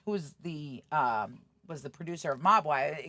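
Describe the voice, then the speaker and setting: A woman's voice: deep voice, a little slow, no room sound. A middle-aged woman, a podcast guest, telling stories bluntly and acting out the voices of people she quotes. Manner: animated, acts out quoted voices; blunt, swears freely. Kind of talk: casual storytelling interview.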